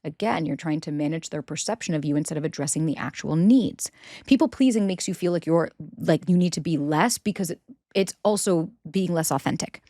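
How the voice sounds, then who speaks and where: A woman's voice: sits low, a little fast, dark tone, dry recording, clean studio sound. A woman hosting a podcast, giving candid relationship advice in a blunt, emphatic way, with frequent swearing, and acting out the voices she quotes. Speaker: podcast host.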